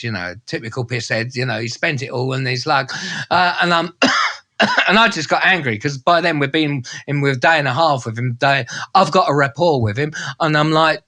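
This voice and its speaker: A man, a travel presenter telling a story in casual, slangy, animated style. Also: mid-range voice, fairly quick. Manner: animated, slangy, acts out voices and sounds. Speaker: travel presenter and podcast co-host.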